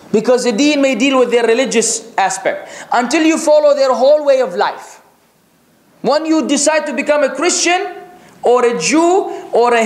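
A man preaching a religious lecture, reciting Arabic scripture rapidly and asking rhetorical questions. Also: very high voice, roomy sound. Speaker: Islamic preacher.

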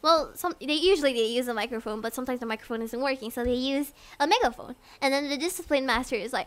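A young woman from Singapore chats casually on a livestream, giggly, rambling, and often laughing. Her voice sits high, and she talks fast with few pauses.

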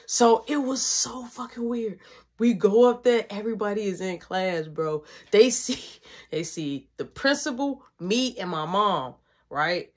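A woman's voice: mid-range voice, animated, measured pace. A woman telling a personal story in casual, slangy, profane speech.

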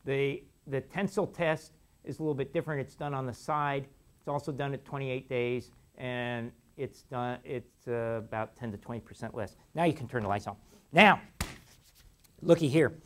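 A man's voice: medium pitch, normal speed. A middle-aged man giving a university lecture in a casual, chatty way, with frequent restarts and laughter. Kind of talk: classroom lecture. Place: lecture hall.

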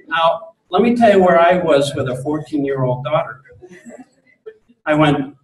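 A man giving a live spiritual talk to an audience, earnest and gently insistent, repeating phrases for emphasis. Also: a little high, measured pace. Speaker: speaker on spirituality. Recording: roomy, distant mic.

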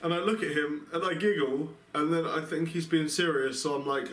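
Young man, English accent, somewhat high voice, exasperated, rambling, self-mocking, outdoors at night, faint background hiss. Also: normal speed, hardly any pauses, a bit bright. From England. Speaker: travel vlogger. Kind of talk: casual storytelling to camera.

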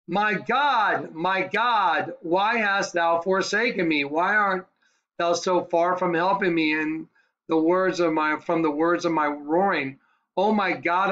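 A man's voice: fairly high pitch, pushed and bright, muffled recording. A man teaching the Bible in a fervent, conversational way, often asking his listeners if they are ready. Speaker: preacher. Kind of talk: screen-share Bible teaching.

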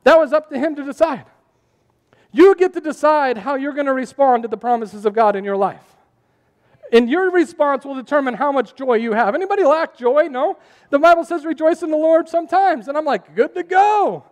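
A man preaching a sermon as pastor, animated and asking the congregation questions as he goes. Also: very high-pitched, brisk, big-room sound.

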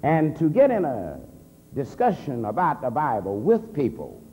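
A man, an assistant pastor, telling his conversion story as a convention sermon, swinging from a low murmur to heated near-shouts. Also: huge pitch swings, measured pace. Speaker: minister giving testimony. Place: large convention hall. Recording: reverberant hall with faint hum.

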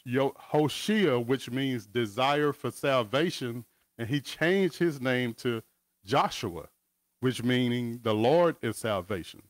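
A man's voice: medium pitch, no room sound. Man teaching scripture, dry close sound. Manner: casual, asides and chuckles between scripture readings. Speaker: Bible teacher. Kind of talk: conversational Bible teaching. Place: home, over a video call. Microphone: video call.

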